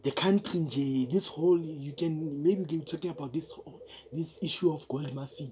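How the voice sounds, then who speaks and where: South African male commentator, rambling delivery, slightly high pitch, mellow tone. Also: moderate pace, slight background noise. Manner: rambling, restarts, mixes in local words. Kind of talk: casual commentary.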